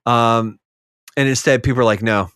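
Animated man rambling on a podcast. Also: on the low side, moderate pace, no room sound, studio quality. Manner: animated, rambling, mocks other players in quoted asides. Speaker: podcast co-host. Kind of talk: casual chat.

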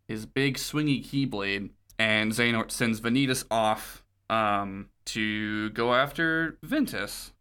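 A man's voice: medium pitch, bright, forceful tone. A man co-hosting a podcast in a casual chat, jokey, laughing often and swearing casually. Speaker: podcast co-host. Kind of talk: casual chat recapping a video game.

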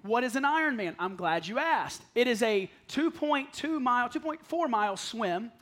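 A man preaching a sermon to a congregation, telling stories with self-deprecating humor and acting out the voices he quotes, sometimes dropping to a soft plea. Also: extremely high pitch, expressive, normal speed. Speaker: pastor. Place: church sanctuary with congregation.

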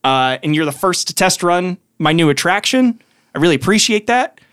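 A man's voice: high voice, expressive, moderate pace, fairly bright tone, smooth. A man voicing a breezy, easily flustered gnome sorcerer who runs a theme park.

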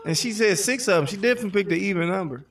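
Man, joking storyteller, casual chat, high quick voice, off-mic. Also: animated, a crowd in the background. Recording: voice distant from the mic.

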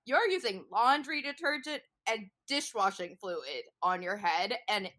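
Bright-voiced woman ranting sarcastically on a chatty podcast, swears a lot. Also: mid-range voice, animated, unhurried. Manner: sarcastic, profane, riffing rants. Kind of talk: casual chat.

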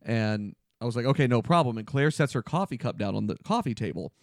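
A man, the podcast's producer, telling a home mishap story in animated, casual chat. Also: fairly low pitch, a little fast, no room sound, clean studio sound. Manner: animated storyteller, says "dude".

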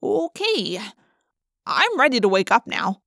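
A woman's voice: on the high side, big pitch swings, a little slow, vocal fry, bright, forceful tone, dry recording, clean studio sound, full character voice. A woman doing a sarcastic teenage boy. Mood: wry. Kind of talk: audiobook character voice.

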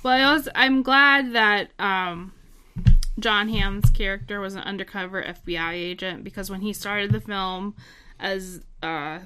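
A woman from North Carolina talks through a movie's details on a casual living-room podcast. Her voice is crisp and bright, and she laughs easily. Her pitch stays in a typical middle range. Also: measured pace. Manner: detailed, amused, laughs often. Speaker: podcast co-host.

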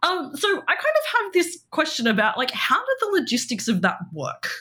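A podcast co-host with a high-pitched, sharp voice swings hugely in pitch while speaking at normal speed. Her casual chat rambles along with many fillers and giggles.

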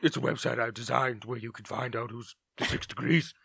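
A man's voice: mid-range voice, flat delivery, brisk, vocal fry, fairly bright tone, breathy edge, dry recording, studio quality. A man co-hosting a podcast, chatting in a jokey, theatrical, rambling way. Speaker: podcast co-host. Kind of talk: casual comedic chat.

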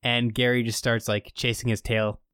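A man's voice: mid-range voice, little pitch movement, moderate pace, a bit bright, smooth, no room sound. A man casually recaps a show episode, rambling through the plot with frequent fillers. His voice sits in a plain middle register and sounds dry and close, with no room around it. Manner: rambling storytelling with many fillers. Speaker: podcast co-host recapping a show.

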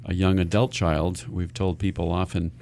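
A man's voice: deep voice, flat delivery, normal speed, darkish tone, slight background noise. A man hosting a radio talk show as a financial advisor, explaining earnestly and often restarting his sentences.

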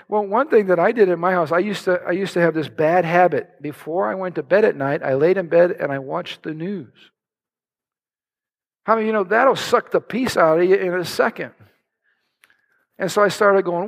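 A man preaching a sermon to his congregation, animated and conversational, acting out little prayers and scenes in other voices. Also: sits high, a little fast. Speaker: pastor. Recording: long hall reverb.

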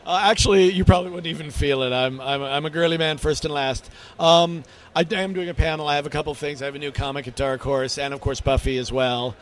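A man giving casual interview answers with dry, self-deprecating wit. His voice sits slightly high. A faint background noise hums behind him. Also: fairly even intonation, a little fast, few pauses. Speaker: guest interviewee.

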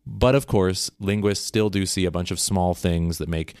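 A man's voice: deep voice, moderate pace, darkish tone, smooth, no room sound, studio quality. A man with a Canadian accent, co-hosting a podcast, explaining things eagerly in a casual chat with many restarts. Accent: Canadian English. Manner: explanatory, enthusiastic, frequent restarts. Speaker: podcast co-host.

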